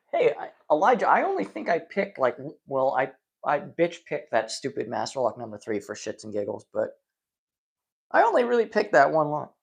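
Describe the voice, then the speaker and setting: A man's voice: fairly high pitch, big pitch swings, moderate pace, creaky, husky. A tired man chatting casually on a live stream, rambling and poking fun at himself. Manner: rambling, self-deprecating, tired.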